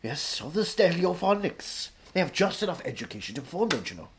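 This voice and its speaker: A man doing a comedic impression of a pompous older Welsh gentleman, drawling and grandly repeating praise. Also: on the high side, sing-song, a little fast, voice pushed up. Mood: pompous, mock-grand. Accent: put-on Welsh. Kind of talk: comedic impression in casual chat. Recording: faint background noise.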